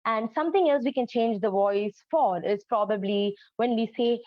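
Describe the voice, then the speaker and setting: A woman's voice: on the high side, moderate pace, no echo. A woman presenting an educational talk on storytelling, explaining earnestly with frequent ums and uhs. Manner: earnest, explanatory, many fillers. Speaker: presenter on storytelling for autistic children. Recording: dull, lo-fi, dry recording.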